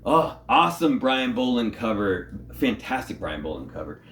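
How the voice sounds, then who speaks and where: A man's voice: medium pitch, big pitch swings, moderate pace, a bit bright, roomy sound. A man co-hosting a casual comic book talk, enthusiastic and rambling, with frequent laughs. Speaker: co-host of a comic collecting show. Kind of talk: casual chat.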